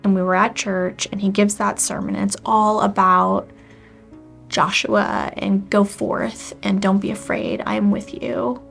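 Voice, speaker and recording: Woman in her 40s telling her testimony, raspy fry in her voice, goes almost whispery, faint music under it. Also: medium pitch, fairly even intonation, a little slow, a bit bright. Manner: candid and emotional, often dropping to a near-whisper. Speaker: church member sharing her testimony. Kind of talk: personal testimony to camera.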